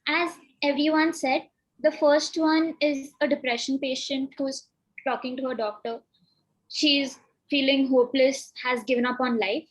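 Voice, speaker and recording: An acting student explains her character choices. Her voice is high and clear. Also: steady tone, measured pace, low-quality recording. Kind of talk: class discussion.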